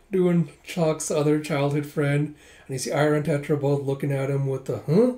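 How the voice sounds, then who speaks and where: A man's voice: a little high, level tone, normal speed, dark tone. A man hosting a casual manga readthrough, narrating the panels and laughing often along the way. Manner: chatty, laughs often while reading. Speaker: manga reader, video host.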